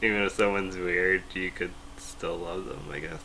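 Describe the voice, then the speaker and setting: Podcast co-host, man, low bright voice, relaxed short replies. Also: moderate pace, slight background noise, rough recording. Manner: laid-back, brief answers, laughs often. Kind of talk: casual chat.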